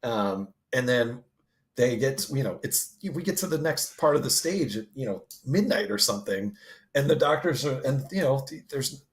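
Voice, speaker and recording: A man co-hosting a podcast, telling stories in a laughing, animated way and acting out what people said. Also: medium pitch, moderate pace. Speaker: podcast co-host. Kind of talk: casual storytelling.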